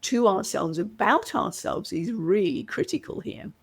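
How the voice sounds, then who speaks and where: A woman's voice: medium pitch, a little slow, slightly rough. A middle-aged British woman, a communication coach, telling stories in a podcast interview and acting out what others said. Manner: animated storyteller, acts out quoted voices.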